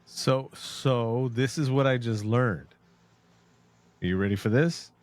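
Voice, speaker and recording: A man co-hosting a casual podcast about a film, retelling scenes with animated storytelling and acted-out quotes. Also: mid-range voice, slow pace. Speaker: podcast co-host.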